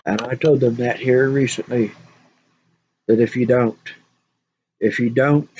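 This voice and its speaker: A woman's voice: rumbling low, fairly even intonation, a little slow, dark tone, slightly rough, highs cut off. A woman ranting to camera in a vlog, scolding and preachy, repeating her points in emphatic bursts. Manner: repeats phrases, talks in bursts. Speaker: spiritual vlogger. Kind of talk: monologue rant to camera.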